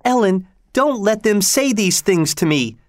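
A man voicing a bossy spoiled girl of thirteen, high and haughty, storybook reading. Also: big pitch swings, normal speed, dry recording, studio quality. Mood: upset. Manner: imperious, demanding, higher voice.

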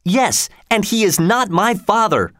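A man reading aloud lifts his voice into a stubborn boy king who bristles at every insult. The voice sits high and swings widely, clipped and commanding, recorded dry and close. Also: sing-song, a little slow, no room sound. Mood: indignant. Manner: haughty, commanding, indignant. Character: proud young boy king, indignant and stubborn.

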